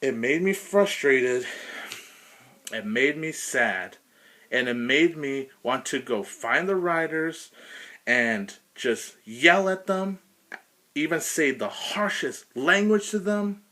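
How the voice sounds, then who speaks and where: A man's voice: on the high side, animated, slow, sharp tone. A man ranting emphatically through a frustrated cartoon episode review.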